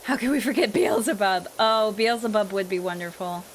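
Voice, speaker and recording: A woman's voice: medium pitch, normal speed, slight background noise. A young woman streamer and voice actor in casual livestream chat, answering chat and acting out characters as she plays.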